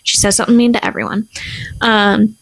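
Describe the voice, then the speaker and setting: A young woman co-hosting a casual podcast, chatting through a family story. She talks in an animated way, full of fillers. She jumps into the voices of the people in her tale. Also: medium pitch, brisk. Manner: animated, acts out quoted people, many fillers. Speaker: podcast co-host.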